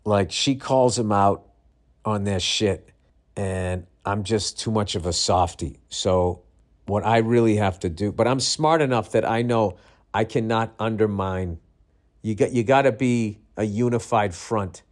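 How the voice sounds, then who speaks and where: A middle-aged man talks on his podcast in a low voice, tired and yawning. He rambles through comic stories, swears freely and now and then mimics other voices. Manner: profane, rambling, animated storytelling with mimicked voices. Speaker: podcast host. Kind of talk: casual comedic monologue.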